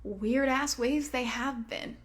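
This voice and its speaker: Frank woman coach, slightly high voice. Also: slow. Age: 30s. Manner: casual, frank, heavy on "like" fillers and swearing. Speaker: podcast host and coach. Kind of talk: motivational podcast monologue.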